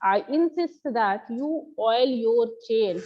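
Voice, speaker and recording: A composed, unafraid American gentleman, read aloud by a woman in a politely firm tone. Her voice sits fairly high. The recording is a little dull. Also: animated, takes it slowly. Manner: politely matter-of-fact. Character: calm, unafraid middle-aged American gentleman.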